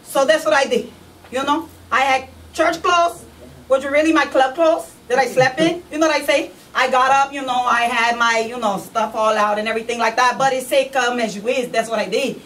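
A woman's voice: high-pitched, brisk, fairly bright tone. A woman performing a one-woman comedy monologue, playing a brash young woman on probation who talks in slang and keeps asking "you know what I say?". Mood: sassy. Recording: live stage from a distant mic, faint ambience.

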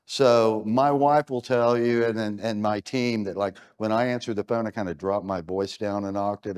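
On an event stage, a middle-aged keynote speaker from the United States talks at a normal speed with hardly any pauses. His medium-pitched voice is a little mellow, and he drives his points home emphatically, firing off rhetorical questions.

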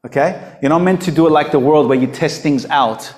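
A man preaching in a blunt, emphatic manner, pressing his points with rhetorical questions. His voice sits a little high for a man. The recording carries a roomy echo. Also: brisk, a little mellow. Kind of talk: unscripted preaching talk.

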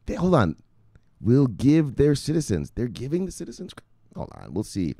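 Excitable, profane male vlog host. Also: medium pitch, moderate pace, vocal fry, dry recording, clean studio sound. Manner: excitable, profane, laughing asides. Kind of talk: casual crypto news vlog commentary.

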